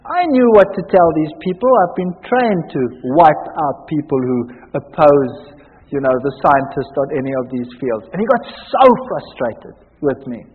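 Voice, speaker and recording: A man, a former science lecturer, giving an animated personal testimony full of quoted dialogue. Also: a little high, normal speed, breathy edge, big-room sound, phone-quality sound.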